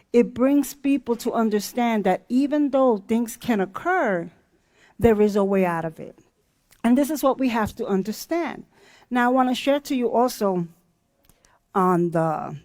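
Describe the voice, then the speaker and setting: A woman with a fairly high voice leads a character education class. She tells a story with animation and acts out the dialogue, and the sound is dry and close. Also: warm tone, dry recording.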